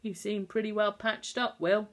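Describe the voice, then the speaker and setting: A woman voicing a calm middle-aged country doctor who speaks in a measured, gentle way. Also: mid-range voice, voice pushed up, lightly acted.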